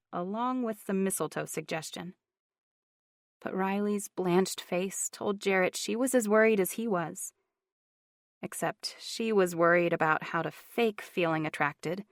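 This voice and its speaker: A woman narrating a romance audiobook in a steady, even storytelling manner. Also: on the low side, no echo, studio quality. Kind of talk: scripted narration.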